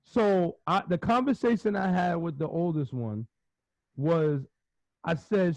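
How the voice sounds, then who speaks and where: A middle-aged man co-hosting a podcast, telling rambling, animated stories in casual chat, laughing often and acting out what people said. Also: a little high, a little slow, creaky, no room sound. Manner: animated, rambling storyteller who laughs often and acts out quotes. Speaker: podcast co-host. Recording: dry, slightly muffled podcast recording.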